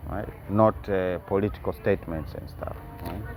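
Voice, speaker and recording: A man's voice: low voice, steady tone, over music, poor audio. Man reading news with sarcastic asides. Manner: reads reports aloud, then breaks off with sarcastic asides and tag questions; halting, with many fillers and restarts. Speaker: news commentator.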